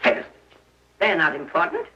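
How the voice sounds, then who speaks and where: A woman's voice: lowish voice, huge pitch swings, brisk. A stern old pioneer grandmother. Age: older. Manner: firm, lecturing and forceful. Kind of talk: 1930s film acting. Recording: muffled 1930s film soundtrack with music.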